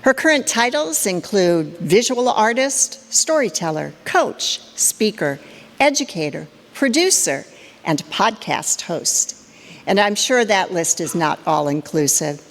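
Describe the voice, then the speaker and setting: A woman on a forum committee giving a prepared introduction of the evening's speaker in a measured manner. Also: medium pitch, expressive. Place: lecture hall with a live audience. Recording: reverberant hall.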